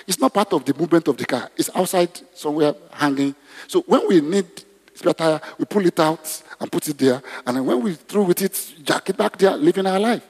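A man's voice: on the high side, a little fast, darkish tone, breathy edge. A man preaching a conversational sermon in a church, often asking the congregation questions. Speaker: pastor. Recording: long hall reverb.

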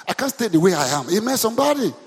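In a rapid-fire sermon, a pastor fires repeated questions at his congregation and presses them to call back answers. His high voice swings widely in pitch and has a breathy edge, set in long hall reverb.

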